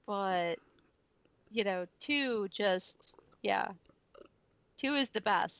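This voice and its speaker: A woman's voice: mid-range voice, lively intonation, drawn-out words, fairly bright tone, clear, resonant tone, no room sound. Woman on a podcast gushing about stuff, lots of "like", dry muffled audio. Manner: enthusiastic, filler-heavy. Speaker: podcast co-host. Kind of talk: casual chat.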